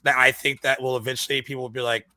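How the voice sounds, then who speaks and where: A man co-hosting a movie podcast, talking casually in halting bursts and repeating words. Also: mid-range voice, little pitch movement, bright, forceful tone, dry recording. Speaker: podcast co-host. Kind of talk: casual movie review chat.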